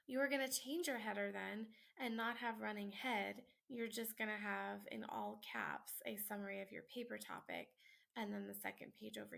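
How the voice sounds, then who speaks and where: A woman's voice: medium pitch, vocal fry, a bit bright. A tired woman instructor, talking late at night at home, walks students through a sample paper in a casual, chatty way with many ums and likes. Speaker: college instructor. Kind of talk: screen-recorded lesson walkthrough.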